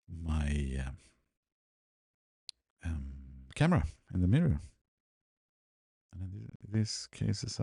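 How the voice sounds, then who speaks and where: A rumbling low voice with vocal fry explains his photo editing steps as he performs them in a screen recording. He's laid-back and often talks under his breath, captured dry at studio quality.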